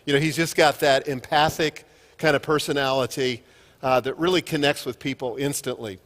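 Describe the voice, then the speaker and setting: A man's voice: mid-range voice, fairly even intonation, normal speed, a bit bright, big-room sound. A man in his fifties giving a conference keynote, telling jokey stories at his own expense. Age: 50s. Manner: jokey storytelling with self-deprecating humor. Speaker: keynote speaker. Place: conference hall.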